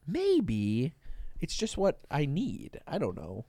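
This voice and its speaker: Rambling, animated podcast man. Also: mid-range voice, no room sound. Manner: rambling, deadpan absurd bits with halting fillers. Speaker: podcast co-host. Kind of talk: casual comedic chat.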